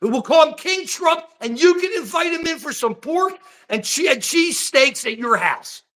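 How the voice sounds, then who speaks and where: Animated high-voiced older man ranting. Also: moderate pace. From United States. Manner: animated, rambling, addresses chat by name. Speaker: political livestream host. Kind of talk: heated political talk with chat.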